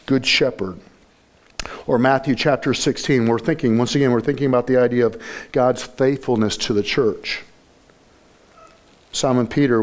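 A man preaching a sermon, emphatic and repetitive, building to forceful peaks. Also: mid-range voice. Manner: emphatic preaching, repeats key phrases, rising to loud peaks. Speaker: pastor.

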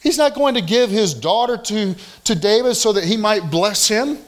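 Male pastor, slightly high voice, emphatic sermon delivery with hushed drops. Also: animated, normal speed. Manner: emphatic preaching with repetition, dropping to soft near-whispers.

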